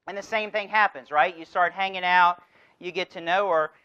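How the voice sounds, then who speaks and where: Bright-voiced man giving a keynote. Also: high voice, steady tone, normal speed, clear, resonant tone, highs cut off. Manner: storytelling with rhetorical questions and acted dialogue. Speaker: keynote speaker. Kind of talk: motivational conference address.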